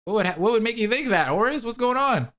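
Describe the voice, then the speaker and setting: A man's voice: very high voice, lively intonation, fast, fairly bright tone, pitched above the performer's own voice. A man reading aloud as a tired, kind older woman narrating her own story in the first person.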